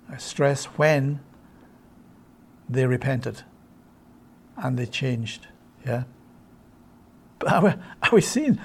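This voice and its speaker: A man preaches a sermon in a mid-range voice that is creaky yet mellow. He is emphatic, fills it with rhetorical questions, and keeps checking in with listeners through a quick "yeah?"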